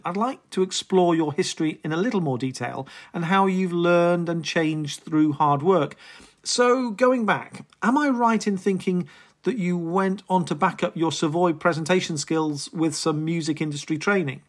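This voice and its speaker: An interviewer asking measured, deliberate questions about a guest's career. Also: mid-range voice.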